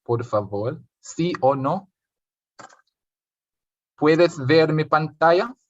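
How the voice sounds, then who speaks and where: A man's voice: fairly high pitch, lively intonation, slow pace, highs cut off. A man with a Jamaican accent tutoring an online Spanish revision class, switching between English and Spanish and quizzing his students.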